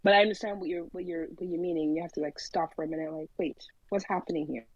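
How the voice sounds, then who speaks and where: A woman's voice: on the low side, steady tone, rapid-fire, no room sound, lo-fi sound. A woman on a talk show panel talks casually and pokes fun at herself. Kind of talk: casual discussion.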